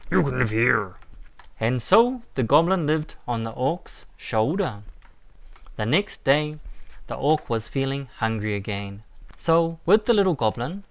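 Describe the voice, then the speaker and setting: A man narrating a children's story in a slow, measured, expressive way. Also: mid-range voice.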